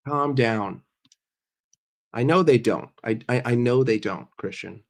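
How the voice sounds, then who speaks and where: A man's voice: medium pitch, unhurried, creaky. A man hosting a casual livestream while sick and congested, chatting with viewers, greeting them by name and often repeating himself. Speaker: livestream host.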